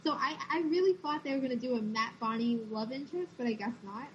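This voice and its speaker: A woman's voice: fairly high pitch, fast. A young woman hosting a fan podcast in casual chat, easygoing, reading out questions and answering them. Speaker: podcast host. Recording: dull lo-fi audio with faint noise.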